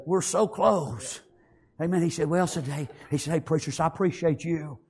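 A man preaching a sermon, fervently repeating praise and amen and rising to shouts. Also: a little high, steady tone, fast, slightly rough.

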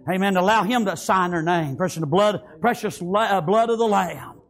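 A man preaching a sermon, fervently repeating praise and amen and rising to shouts. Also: sits high, moderate pace, vocal fry.

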